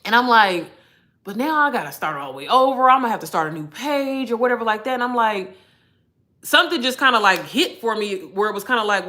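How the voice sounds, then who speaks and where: Brightly toned, candid woman chatting with viewers. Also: a little high, expressive, a little fast. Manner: candid, chatty, cusses freely, addresses viewers as y'all. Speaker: digital marketing mentor. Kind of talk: casual livestream Q&A.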